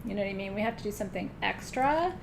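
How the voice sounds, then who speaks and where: A woman's voice: medium pitch, expressive, racing, creaky, slight background noise. Laughing, joking woman host. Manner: joking, self-mocking, swears casually, laughs often. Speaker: host of an online spiritual ceremony. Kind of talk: live-streamed casual chat.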